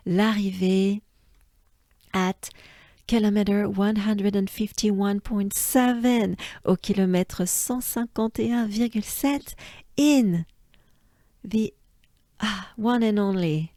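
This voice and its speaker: A woman's voice: medium pitch, warm tone, dry recording, clean studio sound. A woman with a French accent coaching pronunciation, breaking names into syllables and repeating each one several times. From France. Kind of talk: slow pronunciation lesson.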